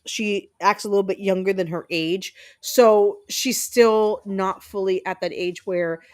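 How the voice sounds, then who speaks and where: A woman's voice: medium pitch, steady tone, a little slow. A woman in her thirties chatting casually with her viewers as a game streamer, telling blunt stories full of fillers and the odd curse word. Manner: blunt, chatty storytelling with frequent fillers and cursing.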